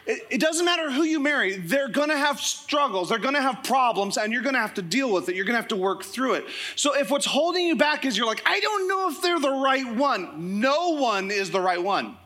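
A man preaching a sermon as pastor, telling joking stories in a lively way to his congregation. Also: very high voice, a little fast, hardly any pauses. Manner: animated, joking storytelling. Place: church service with congregation.

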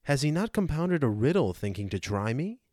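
A man's voice: medium pitch, sing-song, brisk, a little mellow, dry recording, clean studio sound, pitched above the performer's own voice. A man reading the part of an aged male philosopher, cross-examining with rhetorical questions, for a dramatized audiobook. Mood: indignant.

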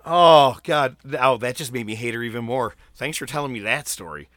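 A man's voice: mid-range voice, moderate pace, no echo. A man co-hosting a casual wrestling podcast, talking animatedly with plenty of swearing. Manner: animated, profane, swings loud and quiet. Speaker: podcast co-host. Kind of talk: casual chat.

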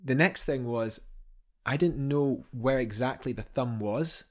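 A man's voice: mid-range voice, measured pace. A man, a guest telling a climbing story in a casual podcast chat, enthusiastic and rambling with many restarts.

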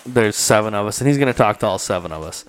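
A man's voice: on the low side, lively intonation, fast talker, clean tone. A man hosting a casual podcast chat in a studio, telling a story and often laughing as he acts out what people said. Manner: laughing storyteller acting out quoted voices. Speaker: podcast host.

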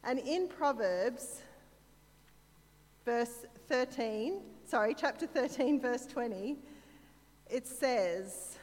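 Taking it slowly and pausing often, an Australian-accented woman from Sydney gives a conversational sermon, telling stories with self-deprecating, chatty asides as a church speaker. Her voice is on the high side, animated, and a little mellow, with a long reverb tail.

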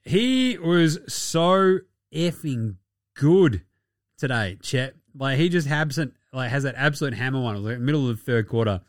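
A man's voice: mid-range voice, lively intonation, moderate pace, dry recording, clean studio sound. An Australian man hosting a casual sports podcast, talking in a rowdy, profane and mocking way. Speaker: podcast host.

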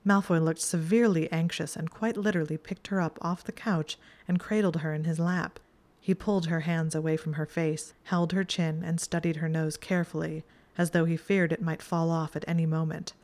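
A woman reading fan fiction aloud as an audiobook, with even, steady storytelling. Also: deep voice, normal speed. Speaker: reader.

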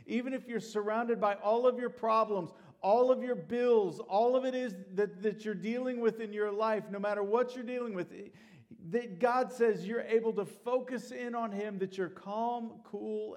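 A male pastor preaching a conversational sermon in a church, dropping to soft, low tones for prayers. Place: church sanctuary.

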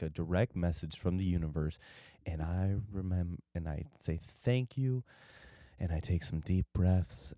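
A young man with a deep, mellow voice hosts a solo podcast. He is worn out and meanders from thought to thought, often losing track of what he was saying. His voice is recorded close and dry. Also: no room sound. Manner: drowsy, meandering, loses his train of thought. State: tired. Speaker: podcast host. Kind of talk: rambling solo podcast chat.

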